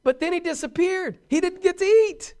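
A man preaching a sermon, animated and emphatic, with touches of humor and repeated words for stress. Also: extremely high pitch, moderate pace.

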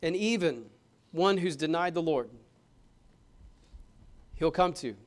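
A male pastor delivering a sermon, moving between hushed passages and loud, emphatic ones. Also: fairly high pitch, expressive, slow. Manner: dynamic preaching, swings from hushed to loud and emphatic. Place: church.

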